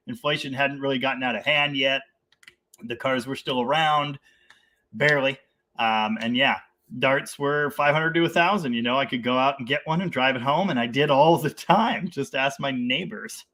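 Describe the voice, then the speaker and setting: A man's voice: mid-range voice, moderate pace, sharp tone. A man hosting a casual live stream about cars, reading out viewer comments, laughing often and rambling with enthusiasm. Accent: Canadian.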